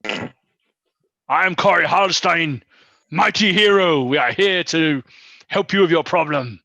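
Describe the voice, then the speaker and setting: Man booming a mock-heroic voice. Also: unhurried, creaky, bright, forceful tone, no room sound. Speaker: player. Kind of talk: tabletop role-play, in-character hero voice. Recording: dull lo-fi home mic.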